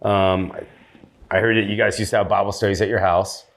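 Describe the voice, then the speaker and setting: A man hosting a faith podcast, talking loudly and with enthusiasm in a casual chat. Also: on the low side, flat delivery, normal speed. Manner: loud, upbeat and enthusiastic. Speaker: podcast host.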